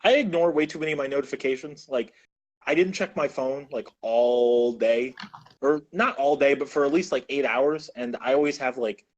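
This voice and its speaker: A man's voice: mid-range voice, normal speed, dull audio. A young man co-hosting a podcast, chatting casually and rambling as he searches for his words. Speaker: podcast co-host. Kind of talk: casual chat.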